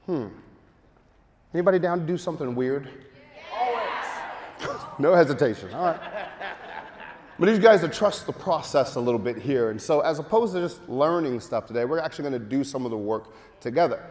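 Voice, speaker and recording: A man giving a lively marketing seminar to a live audience, joking and urging the crowd to take part. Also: fairly high pitch, fairly quick, pauses often. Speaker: speaker at a marketing event. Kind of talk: energetic live seminar talk. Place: large hall with audience. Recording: long hall reverb.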